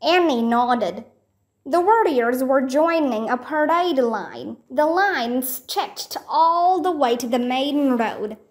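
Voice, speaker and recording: A woman's voice: animated, takes it slowly. A woman with Vietnamese as her first language, reading a children's book aloud and acting out the characters' lines. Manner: acts out character lines with raised pitch. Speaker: reader.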